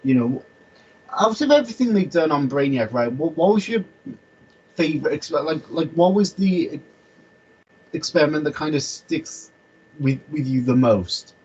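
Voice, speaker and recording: A man's voice: fairly high pitch, expressive, moderate pace, pauses often, a little mellow, slightly rough, muffled recording. A man chatting casually on a video call, rambling with lots of stammered restarts. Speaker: host.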